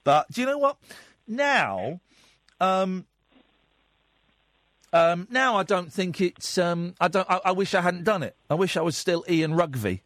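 A male late-night radio host who talks with callers in a loose, joking way, stumbling through restarts and dropping into mock voices. His speech sits a bit high and swings widely in pitch. The studio sound is dry and close. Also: animated, a little slow, long pauses, fairly bright tone, no room sound. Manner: jokey, slips into mock advert voices and accents, many restarts. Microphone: studio microphone.

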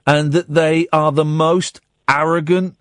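A man's voice: a little high, unhurried, dry recording, studio quality. A man hosting a radio show, chatting casually in a rambling way with many restarts. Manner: animated, rambling, stumbling restarts. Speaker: radio host.

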